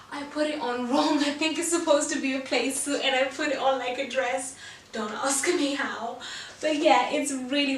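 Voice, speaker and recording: A woman's voice: fairly high pitch, slight background noise. A woman vlogger trying on clothes and chatting casually, bubbly and giggly, a little out of breath. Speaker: fashion vlogger. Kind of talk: casual haul try-on chat. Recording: echoey room, voice from a distance.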